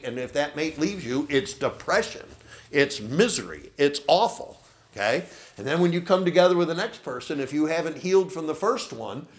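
A man preaching a sermon as pastor, who often ends his points with a questioning "okay?". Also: fairly high pitch. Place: church.

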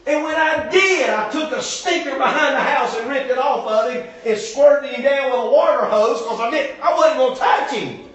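Male pastor, joking sermon, high lively voice, far off in an echoey church. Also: normal speed. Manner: joking storyteller, often shouting. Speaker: preacher. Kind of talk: comic sermon. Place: church sanctuary. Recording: echoey church hall from afar.

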